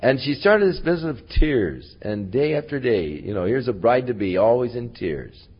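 A man leads a Bible study, retelling the story in a chatty way with dry asides. His husky voice swings widely in pitch. The recording sounds dull and lo-fi. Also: animated, moderate pace. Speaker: Bible teacher.

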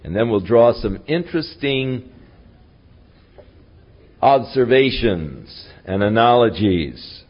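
Lively husky male Bible teacher. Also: medium pitch, slow pace, long pauses. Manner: lively, conversational retelling with dry asides. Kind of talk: storytelling Bible study. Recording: dull lo-fi recording.

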